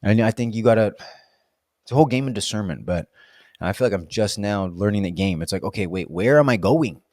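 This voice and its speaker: A man's voice: fairly low pitch, animated, a little fast, darkish tone, dry recording, studio quality. A man in a casual, reflective monologue, rambling and musing with plenty of fillers. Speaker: vlogger.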